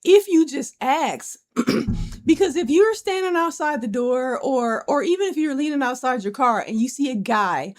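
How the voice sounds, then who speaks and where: A woman's voice: sits high, lively intonation, normal speed. A young woman co-hosting a podcast, chatting casually and telling stories in a blunt, frank, profane way. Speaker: podcast co-host.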